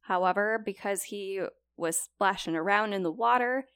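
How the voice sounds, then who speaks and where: A young woman retells a true story to her co-host in a loose, chatty way, sprinkling in likes and you-knows. Her voice has a gravelly, fry-tinged texture. The recording is dry and close. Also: mid-range voice, normal speed, a bit bright, no echo. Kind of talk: casual storytelling chat.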